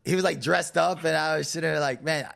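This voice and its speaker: A man's voice: a little high, fairly even intonation, fast, vocal fry, a bit bright. A man, a fighter, telling casual stories as a guest, loose and full of fillers, laughing as he goes. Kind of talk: casual storytelling.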